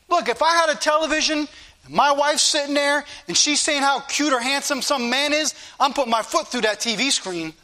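A man's voice: very high voice, a little fast, sharp tone. A middle-aged man preaching a fervent sermon in a church, his delivery rising and falling with passion.

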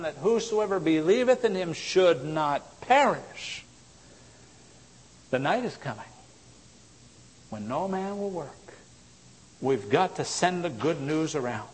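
A man preaching a sermon, swinging from loud exhortation to low, intense tones. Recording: long hall reverb.

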